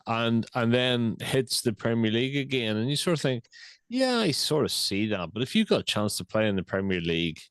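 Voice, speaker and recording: A man's voice: mid-range voice, fairly quick, hardly any pauses, smooth, no room sound. A man co-hosting a casual football podcast, talking in a hesitant way with frequent restarts and repeated words. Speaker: podcast co-host.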